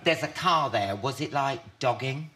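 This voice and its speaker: A man's voice: mid-range voice, a little slow. A man with an English accent hosting a chat show, camp and teasing, laughing often. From England. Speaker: talk show host. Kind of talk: cheeky chat show banter. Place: television studio. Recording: loud background noise.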